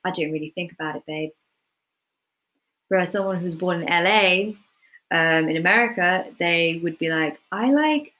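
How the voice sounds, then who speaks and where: A woman tutoring students in playwriting. She explains things in a casual, relaxed way, with lots of ums and hedging. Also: fairly low pitch, poor audio. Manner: relaxed, full of ums and hedges. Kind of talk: casual instructional talk to students.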